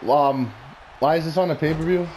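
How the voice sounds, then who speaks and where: A man's voice: on the high side, normal speed, darkish tone, slight background noise. A man talking casually and bluntly, rambling through opinionated predictions with plenty of swearing. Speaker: wrestling commentary vlogger.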